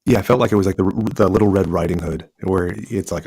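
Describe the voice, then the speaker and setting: A man's voice: deep voice, expressive, fast, vocal fry, few pauses, a little mellow, slightly rough. A man chatting on a podcast, sardonic and cursing freely as he mocks a film. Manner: sardonic, swears freely, mimics quotes. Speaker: podcast guest. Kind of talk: casual chat.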